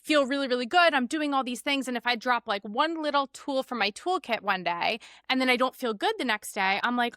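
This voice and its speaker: A woman in her thirties co-hosts a casual podcast, talking in an animated, rambling way full of fillers. Her voice is bright and forward. The sound is dry and close. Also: fairly high pitch, brisk, few pauses, no room sound. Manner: animated, chatty, lots of fillers. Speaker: podcast co-host. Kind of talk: casual chat.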